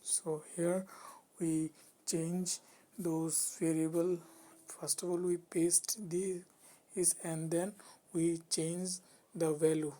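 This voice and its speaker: Woman, low flat delivery, slow and hesitant, narrating a coding walkthrough. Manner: halting, hesitant, many restarts. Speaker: programming tutor. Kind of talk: screen-recorded coding walkthrough.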